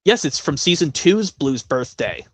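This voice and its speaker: A man's voice: on the high side, big pitch swings, a little slow, dry recording. Rambling man on a live stream. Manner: rambling, many self-corrections. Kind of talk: casual live-stream chat.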